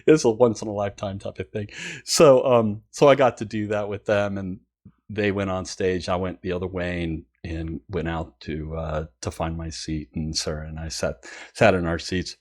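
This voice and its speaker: A man who hosts a music channel, telling a story casually and excitedly, with many fillers and frequent laughter. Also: low-pitched, normal speed.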